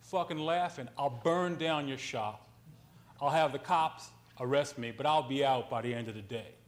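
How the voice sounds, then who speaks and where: A man voicing a threatening young male tough with a Brooklyn accent, loud, raised and aggressive. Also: mid-range voice, moderate pace, lightly acted.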